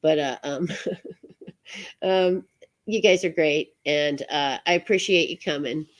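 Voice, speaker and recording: A woman hosting an online show, chatting casually as she signs off, halting with many fillers and frequent laughs. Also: sits low. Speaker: show host. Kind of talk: casual live-stream sign-off chat.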